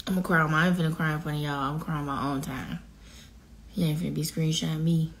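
A singer in her thirties speaks to viewers on a casual, emotional livestream, teary and choked up as she fights back tears while thanking people by name. Her voice sits low, her intonation fairly even, and she talks quickly.

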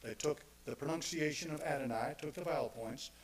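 A male pastor preaching a sermon, repeating phrases for emphasis and swinging from quiet asides to loud, emphatic declarations. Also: on the high side, a little fast, poor audio.

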